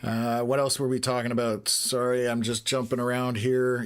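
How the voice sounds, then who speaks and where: Man, 50s, from Canada, live weather host, rambling, filler-heavy, mid-pitched voice. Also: flat delivery, normal speed, few pauses, clean tone. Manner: rambling, many filler "uh"s, jumps between topics. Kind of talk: live storm-tracking commentary.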